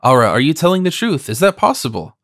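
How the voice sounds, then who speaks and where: A man reading an audiobook, voicing a shy young woman with a soft, hesitant way of speaking. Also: on the high side, sing-song, fast talker, no room sound, clean studio sound, voice pushed up. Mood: timid. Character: shy, tender young woman close to tears.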